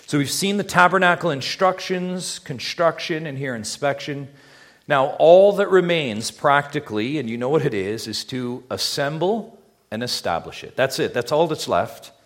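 A man's voice: a little high, animated, moderate pace, fairly bright tone. A man preaching a sermon as pastor, emphatic, drawing the congregation in with rhetorical questions he answers himself.

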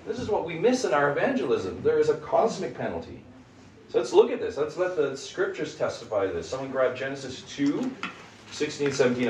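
A man teaches scripture to a small group, his voice rising and falling in lively swings as he presses each point and throws questions at the room. He is picked up from a distance in an echoey space, with a faint hum of room noise underneath. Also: mid-range voice. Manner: animated, emphatic, asks the group questions. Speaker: Bible study leader. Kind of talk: interactive Bible teaching.

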